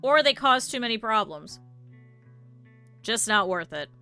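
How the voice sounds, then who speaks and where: A woman streamer chatting casually to her live chat, blunt and swearing freely, with lively quoted asides. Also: a little high, unhurried, smooth, soft background music.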